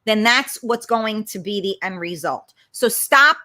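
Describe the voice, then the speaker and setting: A woman's voice: medium pitch, expressive, unhurried, pushed and bright. A middle-aged woman, hosting a casual livestream chat, blunt and emphatic, swearing freely as she answers viewer comments. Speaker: talk show host.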